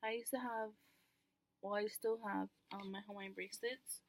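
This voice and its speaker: A woman's voice: mid-range voice, fairly even intonation, normal speed. A woman vlogger talking candidly to camera in a casual, rambling way, with many ums and casual swearing.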